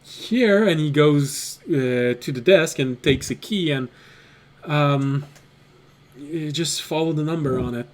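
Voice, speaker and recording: A man's voice: fairly high pitch, a little mellow. A man voicing a groggy, flustered male innkeeper who stumbles over his words. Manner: hesitant, halting with many ums.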